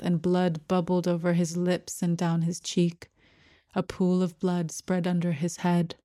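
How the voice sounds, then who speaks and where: A woman with a fairly low voice narrates a first-person story for an audiobook, keeping a measured, even storytelling manner. The recording is dry, with clean studio sound.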